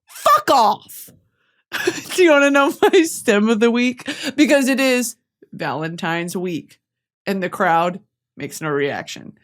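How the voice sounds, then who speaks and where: A woman from Texas hosting a comedic podcast, animated and profane as she rants straight to the audience. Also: fairly high pitch, unhurried. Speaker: podcast host.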